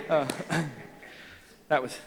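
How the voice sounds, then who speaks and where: A man preaching a revival sermon, telling folksy stories with frequent laughs and building to loud, forceful preaching. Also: a little high, fairly even intonation, very slow, background noise. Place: church sanctuary. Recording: long church hall reverb.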